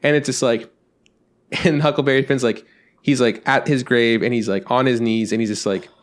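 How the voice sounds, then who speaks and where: Animated, cursing male podcast host. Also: mid-range voice, normal speed. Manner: animated storyteller, swears freely. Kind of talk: casual chat.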